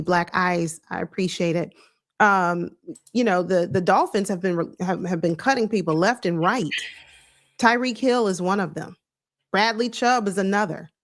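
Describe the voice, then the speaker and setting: A woman hosting a sports live stream, greeting viewers by name in a relaxed, earnest chat. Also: lowish voice.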